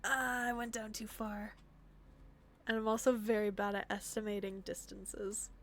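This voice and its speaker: A woman's voice: medium pitch, little pitch movement, unhurried. A young woman streamer giving casual commentary while she plays a game, talking to herself and dropping to a whisper in the tense moments. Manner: talks to herself while playing, drops to whispers when sneaking.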